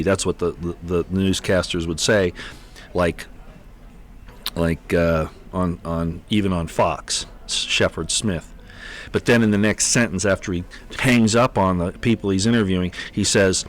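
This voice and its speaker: Low-voiced male livestream host, halting and repetitive, exasperated commentary. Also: fairly even intonation. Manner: halting, repeats words often, exasperated. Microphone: computer mic on an unsteady connection.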